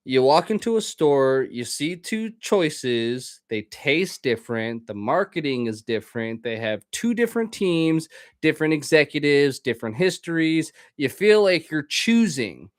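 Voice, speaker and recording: Podcast host, male, swearing, rambling rant; slightly high voice, dry close sound. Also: big pitch swings, a little slow, dry recording. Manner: profane, rambling, ranting. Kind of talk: casual monologue.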